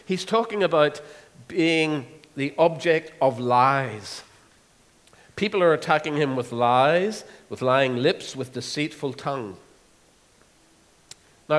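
Male preacher, earnest sermon delivery with frequent pauses, reverberant hall. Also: mid-range voice. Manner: earnest, with many pauses and fillers. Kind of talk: expository sermon.

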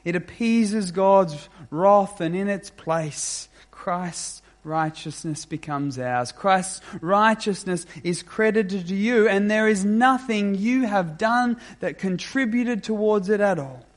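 A man preaching a sermon as pastor, measured and emphatic, with deliberate pauses. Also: high voice.

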